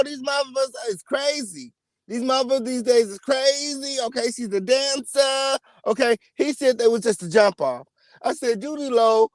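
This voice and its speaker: High-pitched man ranting profanely. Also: no echo, studio quality. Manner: profane, emphatic, repeats "okay?" and "period"; animated, sudden loud outbursts. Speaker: host of a celebrity gossip channel. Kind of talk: ranting celebrity gossip commentary.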